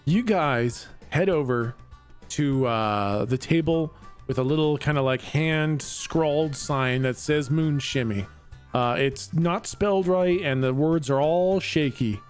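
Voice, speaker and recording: A man's voice: a little high, slow pace, smooth, soft background music. A man running a tabletop game as game master, laughing often and improvising with lots of fillers.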